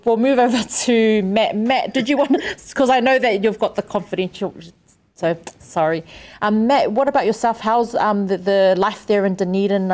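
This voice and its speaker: A woman's voice: lowish voice, darkish tone. A woman co-hosting a podcast, chatting casually with lots of ums and apologies. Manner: apologetic, rambling with many ums and laughs. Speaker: podcast co-host. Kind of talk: casual chat.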